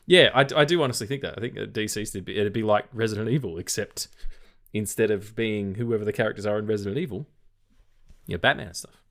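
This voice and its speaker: A man's voice: lowish voice, quick pace, creaky, a bit bright. A tired man with an Australian accent, co-hosting a casual film podcast, rambling and swearing offhandedly. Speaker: podcast co-host.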